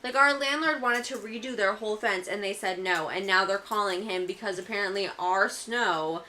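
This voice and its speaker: A woman's voice: medium pitch, moderate pace, sharp tone, a little hiss or hum. A woman on a podcast, chatting casually and sounding exasperated as she tells a story. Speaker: podcast co-host.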